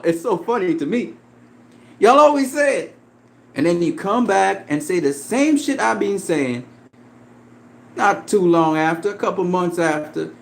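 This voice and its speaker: Animated, profane man ranting about boxing. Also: high-pitched. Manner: profane, confrontational, laughs often. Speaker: boxing commentator. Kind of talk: heated casual rant.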